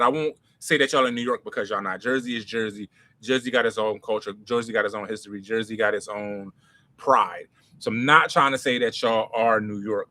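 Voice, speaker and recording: Bright-voiced man telling stories. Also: mid-range voice. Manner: animated, slangy, swings loud and soft. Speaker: comedy writer and creator. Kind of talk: casual storytelling Q&A.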